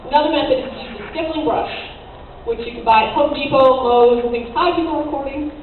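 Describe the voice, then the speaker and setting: A woman's voice: high-pitched, quick pace, slight background noise. A young woman giving a casual convention panel talk, joking and teasing as she goes. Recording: echoey, distant, tinny audience recording.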